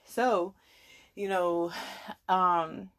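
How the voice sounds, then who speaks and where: A woman's voice: on the low side, steady tone, extremely slow. A woman in her thirties from the United States, co-hosting a podcast in casual, joking chat with slang and laughter. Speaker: podcast co-host.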